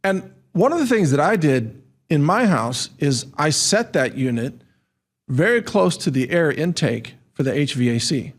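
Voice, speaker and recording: A man interviewing a guest in a relaxed, conversational way. He thinks out loud and often restarts his words, and his voice is somewhat high. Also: unhurried. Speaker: interview host.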